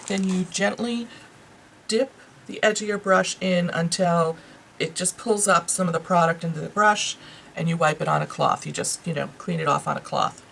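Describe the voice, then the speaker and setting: Gravelly-voiced New York woman reviewing makeup. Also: lowish voice, fairly bright tone, a little hiss or hum, poor audio. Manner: chatty, enthusiastic, lots of fillers. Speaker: beauty vlogger. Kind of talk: casual product review.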